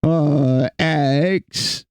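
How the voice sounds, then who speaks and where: A man's voice: on the high side, fairly even intonation, extremely slow, a little mellow, clear, resonant tone, no echo. A man streaming casually, chatting with his chat in a playful, teasing way. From United States.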